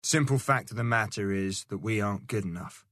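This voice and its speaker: A man's voice: lowish voice, a little fast, a bit bright, dry recording, clean studio sound, lightly acted. A man voicing a blunt, glum male archer.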